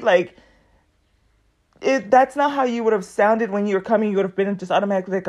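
Woman, podcast host, casual storytelling, animated, quotes people in put-on voices. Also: mid-range voice, fast talker.

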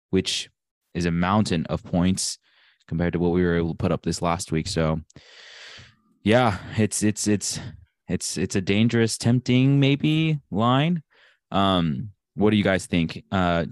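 A man's voice: low voice, dry recording, clean studio sound. A man running the betting segment of a casual sports podcast, wry and self-deprecating.

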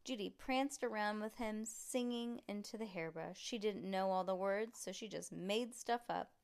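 A woman's voice: medium pitch, moderate pace, clear, resonant tone. Woman reading a children's book aloud. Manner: relaxed, chatty asides between reading. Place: room at home.

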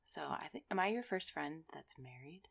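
A young woman guest on a podcast in casual chat, animated and fond of mimicking people, with an early-morning voice. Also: low voice, moderate pace, gravelly.

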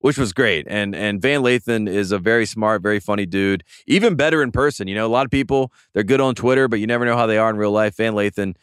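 Male podcast host, smooth voice, chatty and rambling, dry studio sound. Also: fairly low pitch, quick pace, hardly any pauses, fairly bright tone, dry recording. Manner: rambling, enthusiastic, repeats words often. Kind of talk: casual sports podcast chat.

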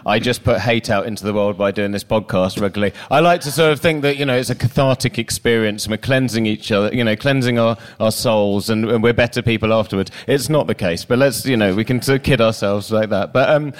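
A man from southeast London hosting a podcast, laid-back and quick to laugh. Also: fairly low pitch. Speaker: podcast host. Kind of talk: casual podcast chat.

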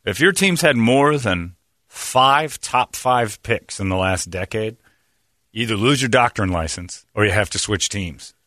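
A man's voice: lowish voice, lively intonation, measured pace, pushed and bright, no room sound. A man hosting a sports talk radio show, rambling and sarcastic as he tells stories on a studio mic. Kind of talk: casual sports radio banter.

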